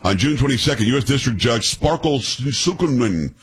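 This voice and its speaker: A man's voice: mid-range voice, expressive, fairly quick, breathy edge. Blunt, combative talk radio host in his sixties. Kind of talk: political talk radio monologue.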